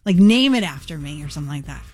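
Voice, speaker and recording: A woman co-hosting a radio show, teasing and reacting quickly in casual on-air banter, with a son. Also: deep voice, expressive, a little mellow, breathy edge, dry recording, faint music behind. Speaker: radio co-host. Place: radio studio.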